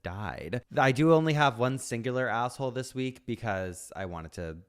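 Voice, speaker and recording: A woman's voice: very deep voice, expressive, normal speed, clean tone. A woman co-hosting a podcast, bantering playfully and reading out a listener's post. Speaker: podcast co-host.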